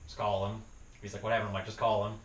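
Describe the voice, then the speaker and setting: A man's voice: on the low side, quick pace. A young man, a podcast host, telling a story in casual chat, swearing often and laughing as he goes. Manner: profane, laughing, animated storytelling. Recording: roomy, distant mic with faint noise.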